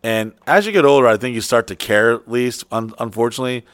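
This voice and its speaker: Dude telling a filthy story, swears a ton, rambles, dry mic. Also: male voice, mid-range voice, fast talker, fairly bright tone, dry recording. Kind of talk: crude casual chat.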